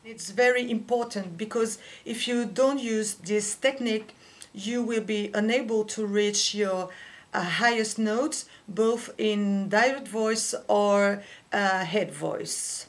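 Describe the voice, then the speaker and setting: A woman whose first language is French, teaching a singing lesson and explaining slowly and carefully with small pauses. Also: medium pitch. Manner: slow, careful explaining with fillers. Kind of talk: vocal lesson with sung demonstrations.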